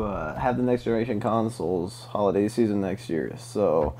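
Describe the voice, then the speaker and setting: A man's voice: lowish voice, moderate pace, creaky, over a noisy crowd. A man co-hosting a casual gaming podcast, joking and laughing easily. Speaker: podcast co-host. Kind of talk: casual chat.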